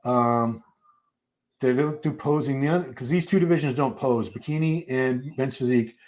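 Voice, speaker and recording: A man in his fifties hosts a live stream watch party in a loose, rambling way. He often restarts sentences and answers viewers as he goes. His pitch sits in an ordinary middle range. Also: moderate pace, a little mellow. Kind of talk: casual chat. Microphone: streaming setup.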